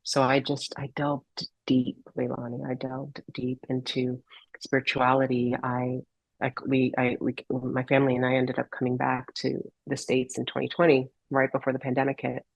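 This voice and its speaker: Gravelly, husky woman telling her story. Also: extremely low pitch, monotone, normal speed, no room sound, poor audio. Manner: earnest and reflective, searching for words. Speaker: podcast guest, holistic healer. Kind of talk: heartfelt personal story in a podcast interview.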